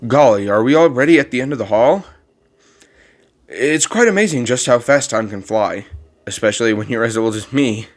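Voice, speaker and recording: A man putting on a gentle old monster caretaker, rambling and formal. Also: medium pitch, expressive, moderate pace, natural voice. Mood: wistful. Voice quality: strained put-on voice. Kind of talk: reading game dialogue aloud.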